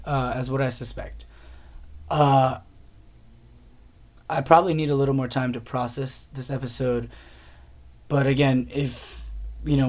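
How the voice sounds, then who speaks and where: A man chats through his TV reviews at a middle pitch, loose and unscripted. He rambles, trails off and restarts his sentences, filling the gaps with ums and you-knows. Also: darkish tone. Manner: rambling, many fillers and restarts. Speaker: TV review podcast host. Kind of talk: casual spoken TV review.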